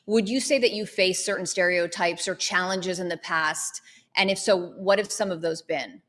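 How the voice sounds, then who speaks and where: Lower-voiced woman asking interview questions. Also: moderate pace, a bit bright. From Lebanon.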